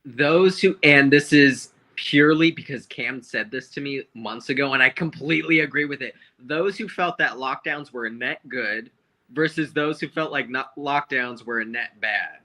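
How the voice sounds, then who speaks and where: A man's voice: medium pitch, moderate pace, pushed and bright, poor audio. A slightly drunk man in a casual livestream chat, laying on heavy mocking sarcasm. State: a little drunk. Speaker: guest.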